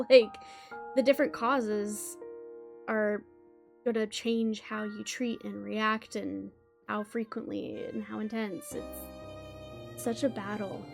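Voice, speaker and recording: A woman co-hosting a podcast, speaking in an animated, emphatic way in candid casual chat. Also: medium pitch, creaky. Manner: animated and emphatic, laughs easily. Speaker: podcast co-host.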